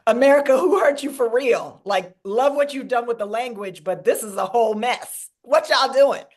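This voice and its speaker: A woman's voice: fairly high pitch, measured pace, a little mellow. A woman putting on a brash, teasing British alter ego with a British accent.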